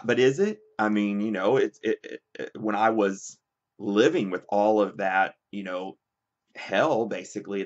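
Young man, casual vlog talk, lots of fillers, shifts between soft and deep voice, lowish pitch. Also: muffled recording. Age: young adult. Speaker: vlogger.

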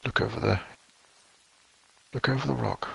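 Gravelly man calling out plays. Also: mid-range voice, low-quality recording. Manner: excited play-by-play, quick reactions. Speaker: player in a gaming group. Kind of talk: casual gaming chat.

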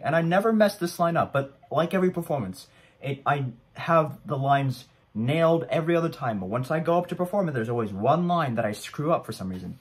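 A man's voice: fairly high pitch, lively intonation, fairly quick. Young man, chatty, rambling, laughs at himself; casual home commentary. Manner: rambling, chatty, self-deprecating. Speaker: vlogger.

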